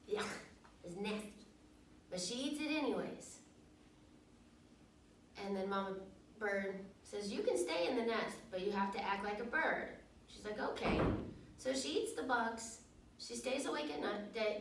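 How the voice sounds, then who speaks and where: Woman retelling a children's story, chatty and loose, fairly high voice, echoey room, off-mic. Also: distant mic, slight background noise. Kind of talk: casual retelling of a picture book.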